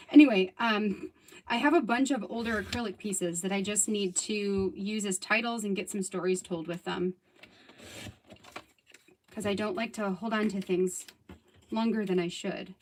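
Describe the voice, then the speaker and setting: A woman's voice: mid-range voice, normal speed, a little mellow, a little hiss or hum. A woman in her thirties chatting casually while crafting on a livestream, rambling and laughing often. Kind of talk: casual live crafting chat.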